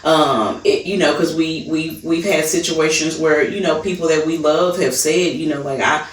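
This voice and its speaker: A woman's voice: sits low, fairly even intonation, normal speed. A woman co-hosting a faith podcast, talking earnestly with lots of fillers and restarts. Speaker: podcast co-host. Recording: roomy, distant mic.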